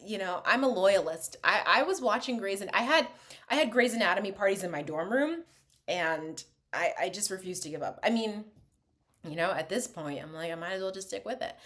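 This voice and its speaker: A young adult woman chatting casually in a reaction vlog, animated, laughing often and dropping into quiet asides. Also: medium pitch, fairly quick. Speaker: vlogger reviewing a TV show.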